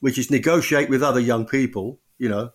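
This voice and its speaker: Halting, thoughtful man. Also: medium pitch. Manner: thoughtful, halting, frequent restarts. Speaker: author and guest. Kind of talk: podcast interview.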